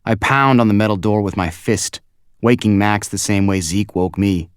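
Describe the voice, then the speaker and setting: A man narrating a first-person audiobook in a quiet, measured, inward way on a close studio mic. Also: lowish voice, smooth, dry recording.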